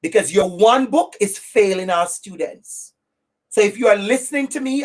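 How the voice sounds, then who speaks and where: A woman with an accent giving an impassioned webinar talk as an anti-racism educator, speaking directly and repeating phrases for stress. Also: mid-range voice. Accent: non-native English accent.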